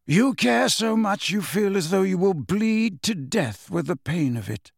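A wise old wizard headmaster, unhurried and gentle, speaking slowly and softly, as a man voices him in an audiobook. The recording is dry and close. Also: high voice, no echo, voice pushed up, heavily acted. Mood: calm. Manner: calm, slow and gentle. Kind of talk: audiobook character voice.

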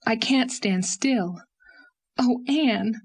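A woman's voice: fairly high pitch, very slow, voice pushed up, exaggerated voice. A woman reading an audiobook, voicing a passionate, restless young woman in anguish, with an emotional, pleading delivery. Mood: distraught. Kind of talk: audiobook character voice.

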